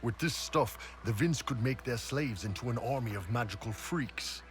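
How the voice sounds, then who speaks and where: A man's voice: medium pitch, moderate pace, faint music behind, natural voice. An actor playing a blunt, wry male mercenary warrior in a video game. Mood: wary.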